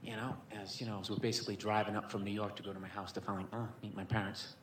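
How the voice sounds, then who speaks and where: A man's voice: lowish voice, level tone, very fast, slight background noise. A man doing stand-up storytelling, rambling with constant filler words and swearing, on a comedy club stage. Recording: echoey room with faint ambience.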